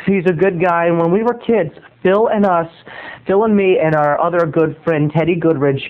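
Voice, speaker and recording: A man hosting a comedy show, telling a rambling story with stammering restarts and sudden loud outbursts. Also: fairly high pitch, moderate pace. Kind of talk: comic storytelling monologue. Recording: tinny phone-like lo-fi audio.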